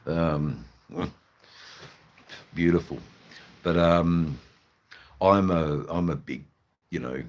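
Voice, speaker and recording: Very deep-voiced Australian man rambling. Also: very slow, pauses often. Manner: hesitant, full of fillers and restarts, blunt and swearing. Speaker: livestream host. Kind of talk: rambling live-stream chat.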